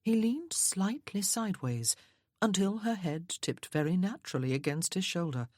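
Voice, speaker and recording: A woman narrates an audiobook in a measured, even way. Her voice sits fairly low with a breathy husk, and the recording is dry and close. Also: dry recording.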